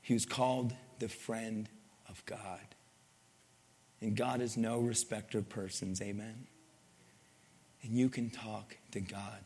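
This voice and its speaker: Gravelly preacher in a reverberant hall. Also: male voice, lowish voice, fairly even intonation, slow, pauses often, a little mellow. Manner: conversational, asks the crowd for amens. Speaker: pastor. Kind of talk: sermon.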